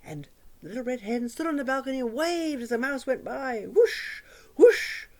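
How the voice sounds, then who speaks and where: A woman telling a children's story in an expressive, sing-song way, dropping to hushes for drama. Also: high voice, brisk. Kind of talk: oral storytelling for young children.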